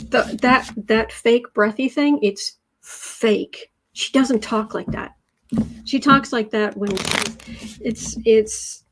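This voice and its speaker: A woman's voice: a little high, takes it slowly, pauses often, background noise. An American woman hosting a tarot livestream, chatting casually and sarcastically while reading out viewer comments. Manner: chatty, sarcastic, mocking asides. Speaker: tarot reader livestream host.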